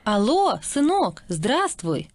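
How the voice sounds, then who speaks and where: A woman's voice: a little high, big pitch swings, slow, dry recording, studio quality, exaggerated voice. A woman voicing a caring mother who fusses over her grown son on the phone in a course dialogue. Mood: fussing. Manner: fussing, questioning. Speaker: dialogue voice in a language course recording.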